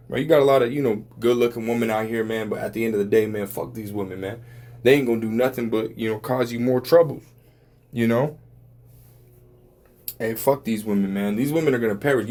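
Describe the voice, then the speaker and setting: A man talking casually about religion in a rambling way, full of swearing and filler words. His voice sits at an ordinary middle pitch. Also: a little mellow.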